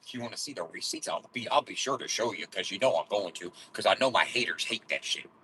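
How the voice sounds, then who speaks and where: A man's voice: fairly low pitch, animated, quick pace, pushed and bright, a little hiss or hum, low-quality recording. A man in his forties telling rambling, profane stories in a blunt way. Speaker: vlogger.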